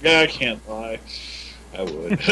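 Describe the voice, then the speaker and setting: A man's voice: fairly high pitch, sing-song, extremely slow, gravelly, sharp tone, breathy edge, poor audio. A man playing an online card game with friends, reading cards aloud and laughing often in casual chat.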